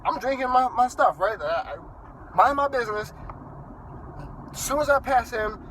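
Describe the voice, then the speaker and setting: A man's voice: extremely high pitch, measured pace, fairly bright tone, a little hiss or hum, rough recording. A man telling an angry story to his phone camera from inside his car while driving, profane and stammering through restarts. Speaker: vlogger.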